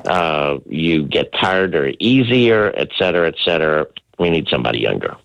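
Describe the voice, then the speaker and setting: A man's voice: very deep voice, sing-song, normal speed, creaky, a bit bright, no echo. Blunt man on a dull dry line. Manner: blunt, opinionated. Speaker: political commentator guest. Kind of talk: radio talk show discussion.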